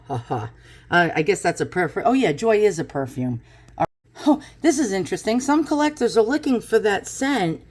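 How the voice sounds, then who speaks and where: In her kitchen, a woman in her fifties rambles through a casual home vlog for YouTube, sarcastic, cranky and swearing freely. Her voice is mid-range and a little mellow.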